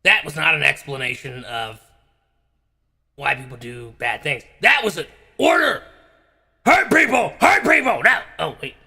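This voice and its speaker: A man doing a gravelly blustering conspiracy-rant host. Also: mid-range voice, sing-song, full character voice. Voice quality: gravelly, raspy. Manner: blustering, bursts into shouting, halting filler-heavy rant. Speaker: comedian doing a parody rant. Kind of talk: comedic impression rant.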